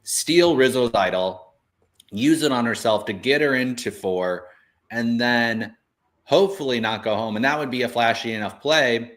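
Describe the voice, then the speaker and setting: A man co-hosting a casual show, thinking aloud in animated bursts with many restarts. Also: medium pitch, normal speed. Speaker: co-host. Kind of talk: casual podcast chat.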